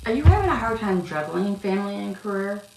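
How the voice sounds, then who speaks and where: Gravelly-voiced lady chatting through a live card reading, calls everyone love, echoey and noisy. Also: medium pitch, very animated, fast, far from the mic. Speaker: card reader. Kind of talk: live-stream chat. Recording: echoey room, off-mic, noisy.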